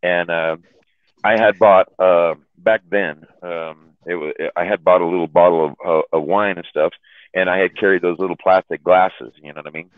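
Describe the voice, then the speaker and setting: With a low-pitched voice, fairly even intonation and normal speed, a chat room host casually spins a rambling, foul-mouthed story for friends on a call, repeating his words and laughing at his own tales. The sound has no echo but a tinny phone-line quality.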